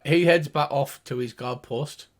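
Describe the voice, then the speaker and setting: An older man narrating as game master of a tabletop game, describing scenes in a relaxed storytelling way. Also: mid-range voice, unhurried, a little hiss or hum.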